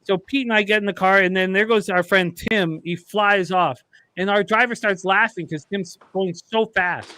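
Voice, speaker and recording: A man's voice: high voice, moderate pace, bright, forceful tone, no room sound. A man, co-hosting a sports chat and telling a rambling, profane story with laughs. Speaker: podcast co-host.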